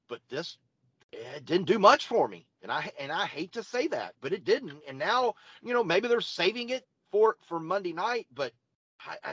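Excitable man co-hosting, dry sound. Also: fairly high pitch, no room sound, rough recording. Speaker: wrestling podcast co-host. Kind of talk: casual chat reviewing wrestling.

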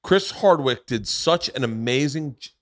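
A man's voice: mid-range voice, lively intonation, unhurried, no echo, studio quality. A man hosting a podcast in casual chat, rambling and restarting his sentences often. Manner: rambling, with many restarts and stammers. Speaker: podcast host.

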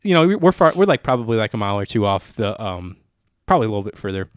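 A man's voice: fairly low pitch, sing-song, rapid-fire, smooth, no echo. Young man, podcast host, casual profane storytelling, dry close mic. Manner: laid-back, profane, laughing through the story.

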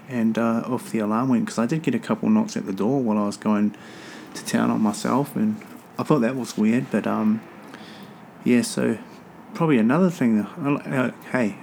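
A man rambles through his rugby podcast with a gravelly, fry-laced voice at an ordinary middle pitch. He swears freely and keeps an offhand, chatty tone. Faint noise sits under the recording. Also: darkish tone. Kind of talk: casual solo podcast chat. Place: home near an airport.

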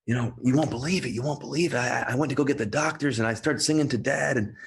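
A man voicing an excited, insistent mother who urges others to wait and see. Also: medium pitch, fast, creaky, breathy edge, pitched above the performer's own voice.

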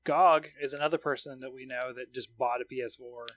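A man's voice: medium pitch, fairly even intonation, a little fast, a bit bright, no echo. A man chats casually on a podcast, spinning long anecdotes and breaking into laughter along the way. His voice sits in a mid range and comes across dry, with a slightly muffled, lo-fi sound. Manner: chatty storytelling, laughs often. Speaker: podcast co-host. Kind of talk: casual chat.

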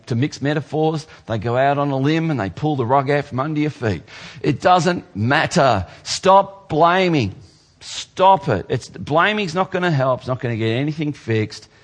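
Pastor guy preaching, big swings low to high, reads scripture slow. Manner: dynamic preaching, drops low and slow for scripture, jumps high for mock voices. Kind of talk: sermon.

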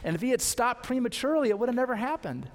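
A man's voice: very high voice, big pitch swings, racing. A man pastor giving an earnest sermon, pressing his point with rhetorical questions. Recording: long hall reverb.

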